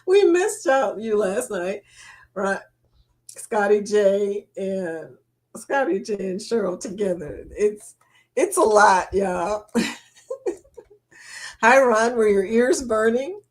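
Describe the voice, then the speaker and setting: A woman's voice: medium pitch, lively intonation, takes it slowly, pauses often. A middle-aged woman, hosting a casual livestream chat, reading viewer comments aloud and laughing often.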